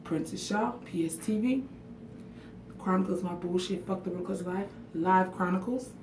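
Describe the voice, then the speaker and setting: Woman venting to her viewers on a live stream, kinda low voice with gravel in it, echoey bathroom sound. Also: normal speed, noisy background. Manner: frank, emotional, swears freely, answers viewer comments by name. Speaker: livestream vlogger. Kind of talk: casual livestream chat to viewers. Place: bathroom at home. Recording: echoey room audio picked up from a distance.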